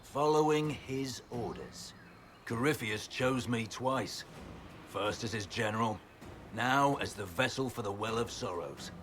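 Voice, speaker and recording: A man voicing a gruff renegade general in a fantasy game, taunting and scornful, with a boastful edge. His voice sits at a middle pitch over a faint background hiss. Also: unhurried, fairly bright tone, natural voice.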